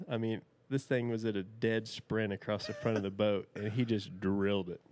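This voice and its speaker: A man's voice: fairly low pitch, fairly even intonation, moderate pace, a little mellow. A man in his thirties, a podcast guest telling a rambling, folksy story and laughing often. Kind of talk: casual storytelling.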